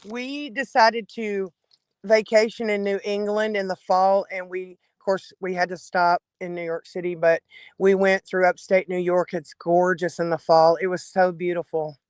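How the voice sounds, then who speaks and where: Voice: mid-range voice, flat delivery, normal speed, clean tone, no room sound, rough recording. A speaker, chatting bluntly and telling stories on a live online call. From Nashville, USA. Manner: blunt, outspoken, storytelling. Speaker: guest in a live audio chat. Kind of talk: casual chat.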